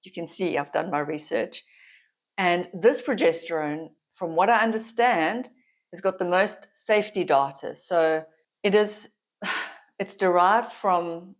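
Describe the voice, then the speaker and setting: A middle-aged woman with a South African accent talks to camera in a relaxed, confiding vlog chat. Her voice sits a little low, and she often breaks into laughter between thoughts. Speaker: vlogger.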